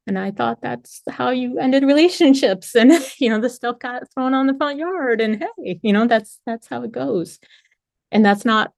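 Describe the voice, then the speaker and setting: Candid middle-aged woman, low voice. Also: a little mellow, no echo. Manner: frank, conversational, swears freely. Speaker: speaker sharing at a recovery meeting. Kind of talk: candid personal recovery share.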